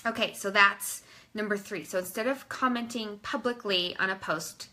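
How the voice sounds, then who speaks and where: A woman's voice: medium pitch, normal speed, pushed and bright. A woman coaching her team in a casual instructional talk, chatty and informal, often saying "like" and calling listeners "you guys".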